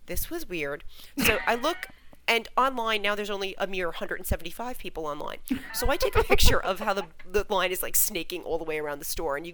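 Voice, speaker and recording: A woman's voice: medium pitch, noisy background. A woman telling a story in casual podcast chat, acting out the voices of the people in it. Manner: animated, acts out quoted voices. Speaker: fan website host.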